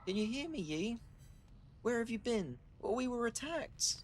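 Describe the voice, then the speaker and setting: Man putting on a frantic high girl's voice. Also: sing-song, normal speed, slight background noise. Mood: urgent. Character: anxious young woman in danger.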